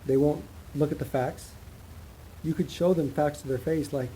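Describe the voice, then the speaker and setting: Guy ranting on his channel, kinda high voice but mellow, bit of hiss behind. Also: steady tone, moderate pace, low-quality recording. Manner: impassioned, rambling, emphatic. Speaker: commentary channel host. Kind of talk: casual opinion monologue.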